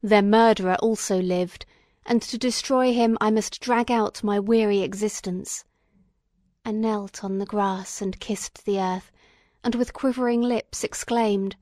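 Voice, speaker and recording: A woman narrates a classic novel for an audiobook in a solemn, measured way. Her voice sits at a middling pitch, and the recording is dry with no room echo. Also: steady tone, a little mellow. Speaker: audiobook reader. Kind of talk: scripted narration.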